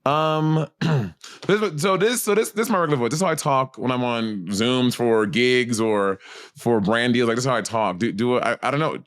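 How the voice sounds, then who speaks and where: A man's voice: mid-range voice, a little slow, fairly bright tone. A man with a New York accent co-hosting a podcast, chatting bluntly and swearing freely from home. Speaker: podcast co-host. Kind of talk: casual chat.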